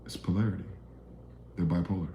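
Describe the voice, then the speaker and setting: A man delivering a blunt, profane monologue rant, swinging between loud outbursts and low, muttered asides. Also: steady tone, brisk, vocal fry, roomy sound, highs cut off, slight background noise. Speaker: video commentator.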